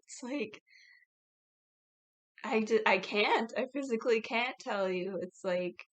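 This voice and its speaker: A woman's voice: medium pitch, fairly even intonation, normal speed. A woman talking candidly to her channel in a casual confessional vlog, reflective and full of "like" fillers. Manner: reflective, heavy "like" fillers, laughs between thoughts. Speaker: YouTuber.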